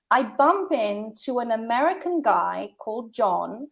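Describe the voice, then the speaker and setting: A woman in her fifties, a guest telling stories in a casual conversation, animated and laughing often. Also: fairly high pitch.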